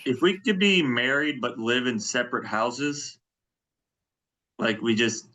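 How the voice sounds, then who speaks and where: A man's voice: medium pitch, animated, a little slow, bright, forceful tone. A man co-hosting a podcast in easygoing, amused casual chat. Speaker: podcast co-host.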